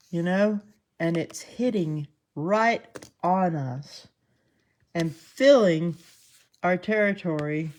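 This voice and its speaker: Southern lady w a twang doing a live commentary show, slow easygoing talker, chatty, laughs at herself a lot. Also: low-pitched. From Southern United States. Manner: chatty, laughs often, self-deprecating. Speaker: host.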